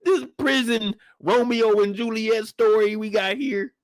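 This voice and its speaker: Young man, reaction host: high, bouncy voice, rowdy and profane, close dry mic. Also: unhurried, no echo. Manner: loud, animated, joking, profane, breaks into laughter. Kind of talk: reaction commentary.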